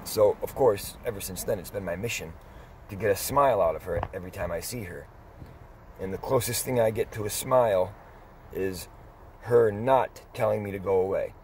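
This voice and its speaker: Middle-aged man, low voice, casual storyteller who rambles with pauses and restarts. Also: a little mellow, a little hiss or hum. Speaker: dog vlogger.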